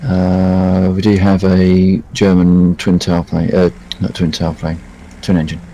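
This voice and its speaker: A man's voice: deep voice, completely flat delivery, a little slow, mellow, slight background noise. A man in a flight sim calling out spotted planes to his teammates over headset chat. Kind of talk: casual gaming chat.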